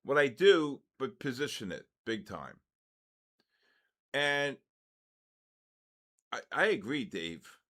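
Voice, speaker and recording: An older man calls the markets live for his viewers, blunt and quick to get excited, tossing off asides as he answers the chat. His voice sits in a plain middle register. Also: medium pitch. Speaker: trading stream host.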